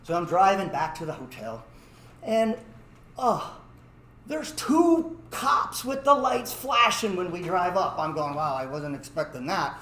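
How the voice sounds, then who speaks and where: A man tells a comic personal story, his fairly high voice swinging up and down. He acts out the voices of everyone in it. The room echoes and a faint hiss sits behind him. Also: big pitch swings, slow, sharp tone.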